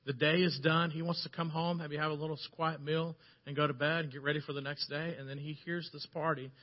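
A man delivers a sermon in a fairly high voice, and he tells the story with energy, rising to loud passages and then dropping to a hush. The recording is dull and lo-fi. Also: a little fast. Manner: animated storytelling, swinging between loud and hushed. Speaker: preacher.

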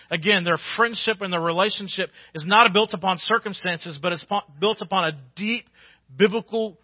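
High-pitched preacher guy, folksy sermon, dry close mic, bit muffled. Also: brisk, no echo. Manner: folksy, builds to emphatic peaks. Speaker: pastor.

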